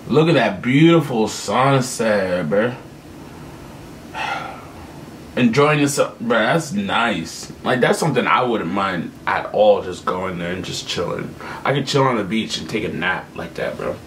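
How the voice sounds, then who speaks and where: A young man hosting a reaction video, chatting casually and excitably to his viewers in slangy speech. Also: fairly low pitch, unhurried, a little hiss or hum.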